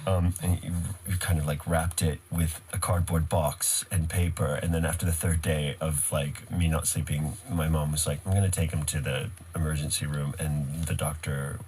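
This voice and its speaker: A man's voice: a bass voice, level tone, moderate pace, few pauses, darkish tone, slight background noise. A middle-aged man, raised in the United States, telling stories from his life as an actor in a casual interview, wry and self-deprecating. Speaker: actor, guest.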